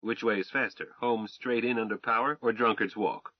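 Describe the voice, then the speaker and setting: A man's voice: on the low side, steady tone, moderate pace, no echo, close to an everyday voice. Wry confident husband, read by a man. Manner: wry, coaching, affectionate teasing. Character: teasing, confident adult husband. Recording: dull dry recording.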